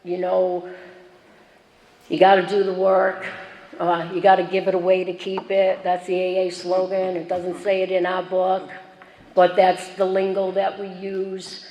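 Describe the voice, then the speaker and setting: A woman's voice: on the low side, completely flat delivery, a little slow, dark tone, lo-fi sound. A woman speaking at a recovery meeting, telling her own story in a chatty, self-mocking, joking way. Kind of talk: personal share at a recovery meeting. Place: meeting hall. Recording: echoey hall, faint background noise.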